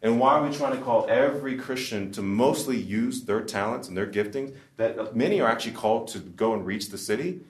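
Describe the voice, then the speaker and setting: A man's voice: mid-range voice, fairly quick, few pauses. A man speaking casually to a live audience at a forum, storytelling with humor and frequent restarts. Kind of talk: conversational talk to a live audience. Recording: roomy echo.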